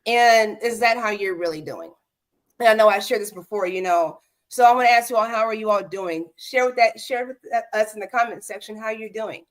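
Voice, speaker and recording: A woman's voice: mid-range voice, fairly quick. Woman host, casual livestream chat, speaks straight to her viewers. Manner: addresses viewers directly, keeps asking "okay?".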